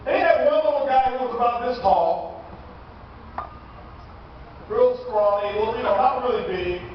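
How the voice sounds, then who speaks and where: A man's voice: very high-pitched, moderate pace, a little hiss or hum. Man, stage speaker, dramatic storytelling, distant, dull sound. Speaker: motivational speaker. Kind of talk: storytelling speech to a live audience. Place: large theater hall. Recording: echoey hall from far off, dull.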